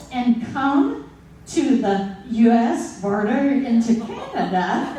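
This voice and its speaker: A woman in her sixties telling a comic personal story at a live story slam, slow and full of dramatic pauses. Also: high-pitched, noisy background. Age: 60s. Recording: very echoey hall, distant mic.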